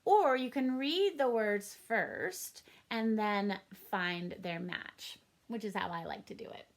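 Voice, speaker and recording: A woman's voice: mid-range voice, slow. A woman teaching a first grade reading lesson for a home recording, upbeat and encouraging in a sing-song teacher manner.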